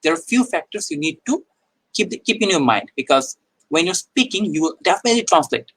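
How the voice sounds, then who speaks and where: A man's voice: high voice, big pitch swings, brisk, a bit bright, slightly rough, low-quality recording. Bangladeshi man teaching in a live lesson. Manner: explanatory, repeats himself with small restarts and "okay"s. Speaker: English teacher.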